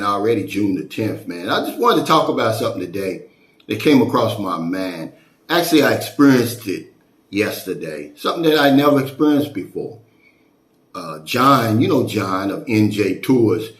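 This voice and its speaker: A man tells a story in a relaxed vlog style, chatty and animated, voice at a middle pitch for a man. The sound is roomy and echoey around him. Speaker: vlogger.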